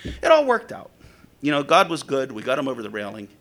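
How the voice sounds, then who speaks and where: A middle-aged man, preaching a sermon and telling stories from his years as a police officer in a conversational way. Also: brisk. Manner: conversational storytelling with lively pitch swings. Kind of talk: sermon with storytelling.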